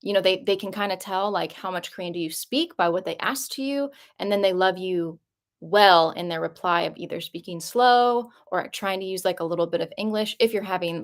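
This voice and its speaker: A young woman vlogging casually from her apartment, talking in a chatty, rambling way with lots of "like" and rising emotion. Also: fairly low pitch. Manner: chatty and rambling, heavy use of "like"; emotional, voice jumps up when moved. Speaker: vlogger answering viewer questions. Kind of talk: casual live-stream chat.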